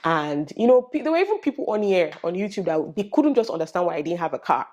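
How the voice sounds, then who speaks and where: A young woman with a Nigerian accent, chatting casually to her viewers in a vlog, telling stories in an animated way with Pidgin asides. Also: fairly low pitch, quick pace. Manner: animated storytelling with lively quoted voices and Pidgin asides. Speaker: vlogger.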